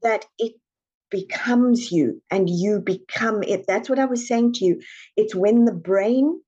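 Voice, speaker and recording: A woman's voice: medium pitch, measured pace, mellow, breathy edge, lo-fi sound. A woman executive coach talking in an interview, earnest and emphatic, often acting out the inner voices of her clients. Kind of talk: podcast interview.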